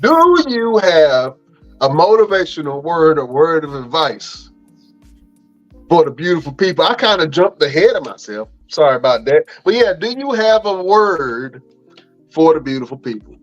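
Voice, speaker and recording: A man's voice: a little high, animated, moderate pace. Chatty male podcast host, muffled lo-fi sound. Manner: loose, chatty, filler-heavy delivery. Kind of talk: casual show outro with plugs. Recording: dull lo-fi audio, faint music.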